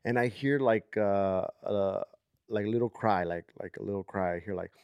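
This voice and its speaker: A man's voice: on the low side, a little slow, a little mellow, clear, resonant tone, no echo, dull audio. A man in his thirties hosting a podcast, telling a long story in a casual, rambling way with lots of fillers. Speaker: podcast host.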